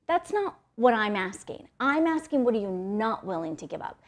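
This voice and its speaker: Young woman, motivational speaker, slightly high voice, blunt and swears freely, keeps checking in with "right?". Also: darkish tone. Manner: blunt and profane, often tags "right?". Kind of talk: motivational talk.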